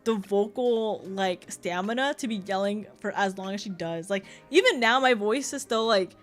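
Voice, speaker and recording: A woman's voice: medium pitch, moderate pace, soft background music. A young woman streaming, chatting casually with her chat, laughing often and tripping over restarts. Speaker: VTuber streamer.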